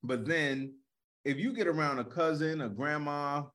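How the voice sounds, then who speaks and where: A man's voice: on the high side, moderate pace, fairly bright tone. A male comedian co-hosting a podcast, chatting casually and animatedly, often repeating words as he starts a thought.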